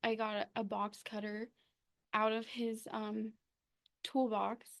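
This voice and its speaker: A young woman giving a personal recovery testimony, halting and full of ums and pauses. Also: fairly high pitch, level tone, gravelly. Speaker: recovery meeting speaker.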